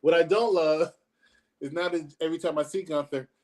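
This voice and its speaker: A man with a slightly high voice trades sarcastic jokes in a relaxed chat. He laughs at his own jokes and keeps a teasing edge. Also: brisk. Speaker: podcast co-host reviewing wrestling. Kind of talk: casual review chat.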